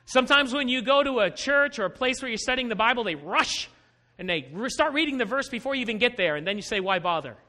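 A man's voice: extremely high pitch, animated, fast talker, bright, forceful tone. A man preaching a patient Bible-teaching sermon, asking questions and stressing key words. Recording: long hall reverb.

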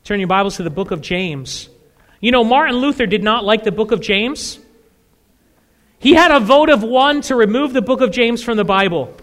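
A male pastor preaching in a church sanctuary, his voice sitting very high and ringing bright. He swings between quiet explanation and sudden shouted bursts as he acts out the people in his stories. The sound carries a long reverb from the large hall. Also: moderate pace. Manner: animated preaching, voice leaping high and loud to act out voices of churchgoers. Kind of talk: sermon.

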